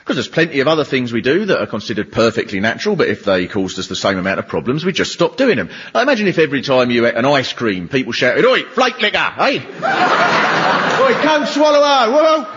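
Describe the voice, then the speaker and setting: A man's voice: mid-range voice, very animated, fast talker, hardly any pauses, fairly bright tone, husky. A British man doing a stand-up comedy monologue in a mocking tone, often slipping into silly voices. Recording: lo-fi TV recording, audience laughing.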